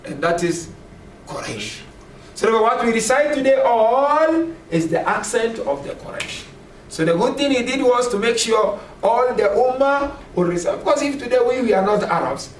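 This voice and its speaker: A man's voice: very high-pitched, animated, moderate pace. A man giving a religious lecture to a class, speaking conversationally and often turning to the listeners with "you know". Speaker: religious teacher. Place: classroom at a community center. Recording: echoey room from far off, faint noise.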